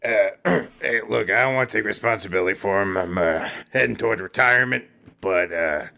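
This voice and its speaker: A man's voice: fairly low pitch, brisk, creaky, pushed and bright. A man playing his character in a tabletop game, talking casually and stumbling over his words. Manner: stammering, casual, sheepish. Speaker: player. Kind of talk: in-character tabletop role-play.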